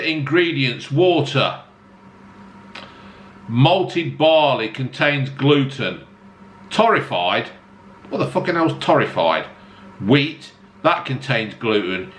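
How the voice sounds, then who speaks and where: Sweary, lively man in an echoey room. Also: fairly high pitch, slight background noise. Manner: blunt, heavy swearing, jokey self-mocking asides. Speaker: beer-tasting vlogger. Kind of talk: casual beer review to camera. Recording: echoey room with faint ambience.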